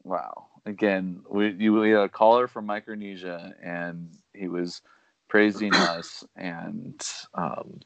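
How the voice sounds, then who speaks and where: Man, podcast co-host, joking, smooth resonant voice, dry dull audio. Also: deep voice, level tone, slow, no echo. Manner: joking, playfully insistent. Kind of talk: casual comedic chat.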